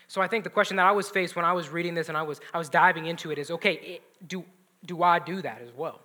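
High, bright-voiced male preacher. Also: fast. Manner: dynamic, swings from loud emphasis to hushed near-whispers. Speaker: pastor. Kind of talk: sermon.

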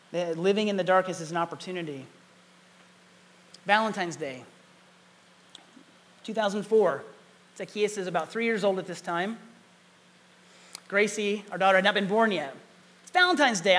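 A man in his forties preaching a sermon, telling stories in an animated, emphatic way. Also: sits high. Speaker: pastor.

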